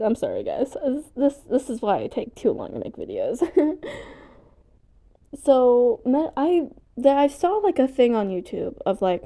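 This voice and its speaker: A woman vlogging at home in a rambling, casual way, excitable and easily sidetracked, and she swears casually. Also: on the high side.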